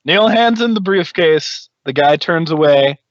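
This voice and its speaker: A man's voice: on the high side, lively intonation, measured pace, no echo. A man narrating as game master of a tabletop role-play game, in a playful, laughing way. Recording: dull lo-fi dry recording.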